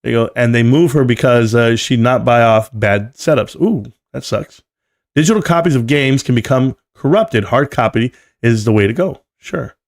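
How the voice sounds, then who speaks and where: A man in his forties hosting a relaxed live stream. He talks in a loose, slangy, joking way and reads viewer comments aloud as they come in. His voice sits at an everyday middle pitch. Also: normal speed. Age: 40s. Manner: loose and joking, slangy, often says "bro".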